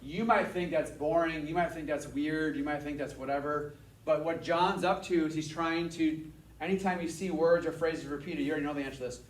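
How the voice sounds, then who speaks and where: A man giving a casual Bible lesson to a class, energetic and repeating his points for emphasis. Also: fairly high pitch, fairly quick. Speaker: Bible teacher. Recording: echoey room, mic at a distance.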